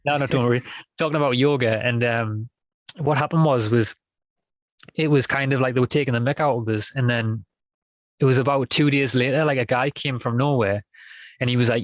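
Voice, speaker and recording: A man chatting as a guest on a podcast, his thoughts looping through false starts and little fillers. His voice sits at an ordinary middle pitch. The recording is dry and close, with no room sound. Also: steady tone, brisk, dry recording. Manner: rambling, many restarts and fillers. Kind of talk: casual conversation.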